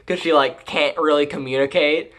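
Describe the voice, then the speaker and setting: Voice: medium pitch, normal speed. Rambling, profane casual anime reviewer. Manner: rambling, profane, filler-heavy, deadpan jokes. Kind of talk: casual episode recap.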